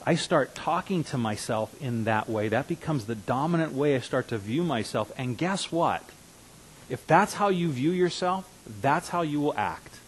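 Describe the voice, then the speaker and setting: A man in his fifties preaching a sermon as a pastor, earnest, dropping to hushed asides and rising to emphatic declarations. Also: mid-range voice, expressive, moderate pace, slight background noise, poor audio. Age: 50s.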